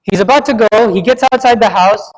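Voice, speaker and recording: A man's voice: high voice, a little fast, rough recording. A man preaching a Friday sermon in a mosque, telling a story in a conversational way and often checking in with "right?" and "you know".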